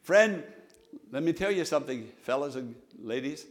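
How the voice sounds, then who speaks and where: A man's voice: fairly high pitch, lively intonation, moderate pace. A man preaching a sermon in a church, with emphatic repetition and call-and-response. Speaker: pastor. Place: church sanctuary.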